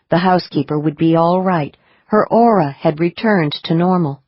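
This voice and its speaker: A woman reading audiobook narration in a measured, expressive way. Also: fairly low pitch, dry recording, muffled recording.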